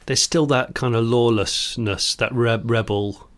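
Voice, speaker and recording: A man co-hosting a casual podcast chat, jokey and enthusiastic, quick to laugh. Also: medium pitch, fairly even intonation. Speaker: podcast co-host.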